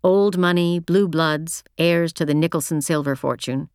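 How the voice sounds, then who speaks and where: A woman narrates a first-person novel in a measured, reflective reading. Her voice sits low, and the close studio recording is completely dry, with no room sound. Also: fairly even intonation, a little mellow, clean tone, no echo. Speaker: audiobook narrator.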